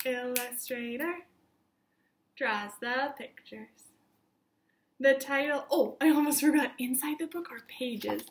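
High-voiced lady teacher reading a kids' book real slow, singsongy counting. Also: a bit bright, a little hiss or hum. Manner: slow, sing-song storybook reading, counting along. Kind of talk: read-aloud lesson for young children.

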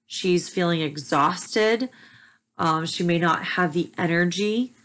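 A young mother talking candidly to camera, soft and hesitant, with frequent ums and restarts. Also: on the low side, slow pace. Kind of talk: candid personal talk to camera.

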